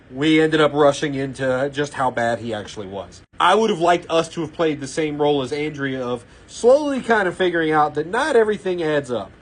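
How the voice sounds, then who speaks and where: A man's voice: on the high side, husky. A man giving blunt, opinionated casual commentary about a TV series, ranting with exasperation.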